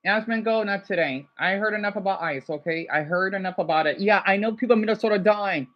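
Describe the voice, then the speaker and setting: Burnt out and upset, a man livestreams in a casual, rambling way, breaking into agitated outbursts and quickly apologizing. His voice is high-pitched, and the recording sounds muffled.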